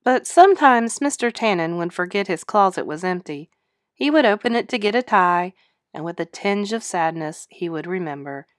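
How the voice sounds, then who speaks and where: A woman teacher reading a children's picture book aloud in an expressive, sing-song storytelling voice, close to the mic. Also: fairly low pitch, moderate pace, dry recording.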